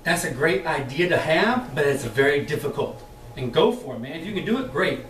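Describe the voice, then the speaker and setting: A man leading a sales training session for a live group, talking in a lively, chatty way, laughing often and acting out the voices he quotes. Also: a little high, brisk. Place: meeting room with an audience. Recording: echoey room, mic far off.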